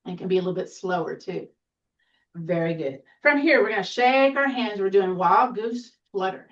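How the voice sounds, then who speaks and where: A woman teaching a seated tai chi class, giving gentle, encouraging cues with playful exclamations. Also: medium pitch, expressive, normal speed, distant mic, highs cut off. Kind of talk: guided exercise class.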